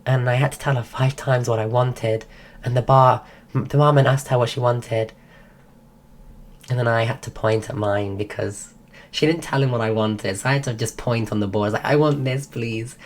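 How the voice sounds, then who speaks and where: A woman's voice: a bass voice, fairly even intonation, moderate pace. A woman streaming, telling a rambling story in casual chat while losing her voice. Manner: rambling, full of restarts.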